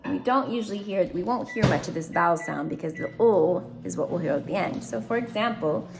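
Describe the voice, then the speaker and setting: A woman's voice: on the low side, brisk, vocal fry, over music. A woman teaching a phonics lesson, writing words and explaining each one step by step in a patient way.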